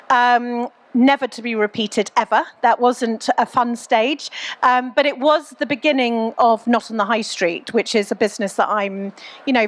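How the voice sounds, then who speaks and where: Middle-aged woman guest on stage, frank and chatty, bit high-pitched, lots of um. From England. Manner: chatty, frank, many ums and you-knows. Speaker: guest entrepreneur. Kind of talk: candid onstage Q&A storytelling.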